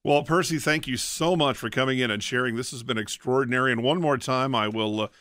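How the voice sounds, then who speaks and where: A man's voice: medium pitch, a bit bright, no room sound. A man hosting a casual radio interview, talking with frequent fillers and restarts from a studio. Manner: halting, many fillers and restarts. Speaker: radio show host.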